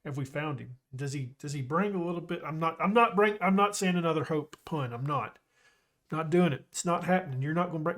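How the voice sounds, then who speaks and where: A man casually commentating his own football management game, chatty and excitable, joking with his viewers. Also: on the high side, brisk. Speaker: gaming YouTuber.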